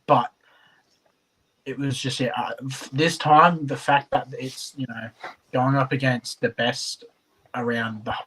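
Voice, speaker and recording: Husky earnest man. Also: medium pitch, fairly bright tone, rough recording. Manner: earnest, stumbling restarts. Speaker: competitor. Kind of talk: casual interview answers.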